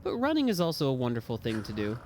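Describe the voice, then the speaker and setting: A young man streaming a game live, chatting casually, rambling between topics and yelling and swearing at the enemies. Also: mid-range voice, wildly swooping pitch, fast, a little hiss or hum. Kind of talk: casual live gameplay commentary. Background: game music.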